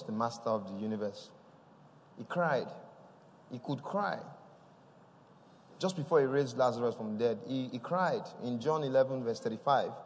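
Man, lively preacher, mid-pitched voice, long church reverb. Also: a little hiss or hum. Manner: lively, laughing, punctuated with "Praise the Lord". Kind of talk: sermon.

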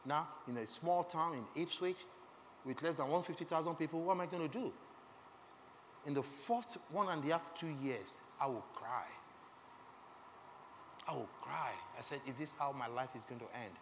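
A man's voice: fairly high pitch, expressive, fairly quick. A middle-aged man, telling an emotional testimony in a sermon and checking in with his listeners. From Nigeria. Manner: earnest, emotional storytelling, asks the audience questions. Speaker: preacher. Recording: reverberant hall with faint background noise.

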